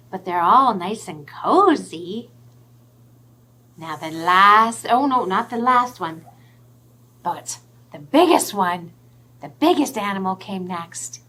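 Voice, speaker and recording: A woman, a children's librarian hosting a storytime with puppets, talking in an animated, expressive way that drops to whispers for the hints. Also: mid-range voice.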